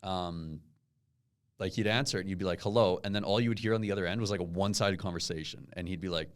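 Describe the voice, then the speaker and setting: In a loose podcast conversation, this young co-host is an animated storyteller who curses a lot and performs the quotes. He has a low, clean-toned voice and talks at a quick pace.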